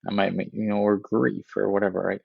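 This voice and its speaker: A man's voice: fairly low pitch, flat delivery, a little fast, gravelly, slightly rough, dry recording, narrow, tinny audio. A man in a podcast conversation, explaining reflectively and often checking in with "right?" as he talks.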